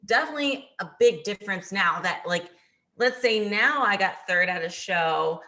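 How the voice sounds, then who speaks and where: A young woman in casual podcast chat about competing, chatty and animated, acting out what other people say. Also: medium pitch, normal speed. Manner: chatty, animated, acts out quoted voices. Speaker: podcast guest, bikini competitor.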